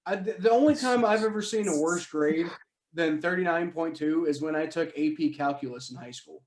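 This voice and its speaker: A young man on a sports podcast with a slightly high voice, talking in loose, rambling sentences full of restarts and dry jokes. His voice bounces around an echoey room. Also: moderate pace. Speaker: podcast co-host. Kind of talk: casual sports podcast chat.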